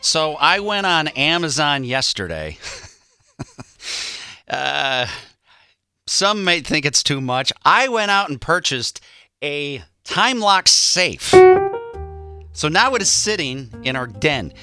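A man in his forties tells a family story on a morning radio show. His pitch swings widely and his bright voice acts out every quote. Faint music runs underneath. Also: takes it slowly, pauses often, clear, resonant tone. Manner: animated storytelling, acting out quotes.

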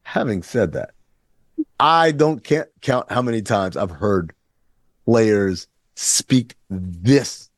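A man co-hosting a casual sports talk show, emphatic and animated, often mimicking other voices. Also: lowish voice, takes it slowly, no echo, clean studio sound. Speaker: podcast co-host.

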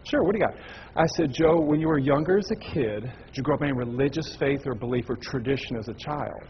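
Fast-talking animated man preaching. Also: mid-range voice, highs cut off, slight background noise. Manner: animated, acts out dialogue. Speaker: evangelist speaker. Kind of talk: storytelling sermon to a church audience.

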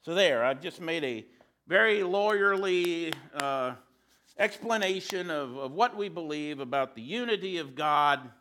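A male preacher with a high, bright voice delivers a sermon. He keeps it conversational and drops in joking asides. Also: animated, unhurried.

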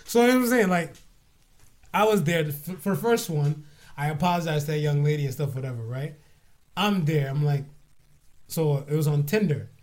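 Man, podcast host, high-pitched voice, laughs a lot, animated casual storytelling. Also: moderate pace, pauses often. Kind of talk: casual chat.

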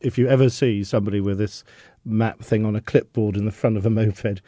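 A man, a tour guide on a radio show, adding relaxed asides with dry humour. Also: on the low side, brisk, no echo. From London. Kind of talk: conversational radio interview.

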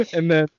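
A man's voice: on the high side, a little mellow. A young man from Canada hosting a casual chat with friends, telling stories and laughing often with plenty of swearing. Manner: laughing storyteller, lots of swearing. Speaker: host. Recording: dull lo-fi dry sound.

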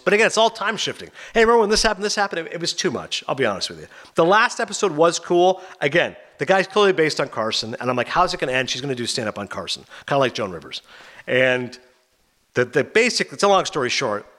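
A man hosting a podcast, rapidly and animatedly retelling a TV finale in a casual chat. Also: medium pitch, a bit bright. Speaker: podcast host. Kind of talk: casual TV recap.

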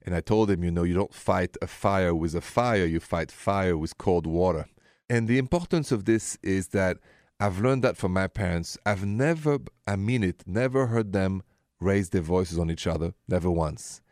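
A man hosting a call-in relationship advice radio show, giving calm, gentle advice. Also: low voice, moderate pace, no room sound, clean studio sound.

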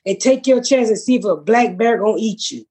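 Loud-mouthed woman comic, husky voice a bit high, cussing her way through a story. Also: brisk. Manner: blunt, profane, animated storyteller. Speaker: comedian, podcast regular. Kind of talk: casual storytelling chat.

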